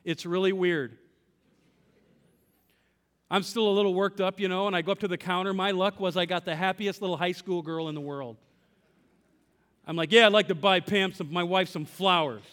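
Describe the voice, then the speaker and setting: A man's voice: high-pitched, steady tone, moderate pace, pauses often, a bit bright, big-room sound. A man preaching a sermon as pastor, telling a personal story, acting out dialogue with God and asking the congregation questions. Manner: asks the congregation direct questions.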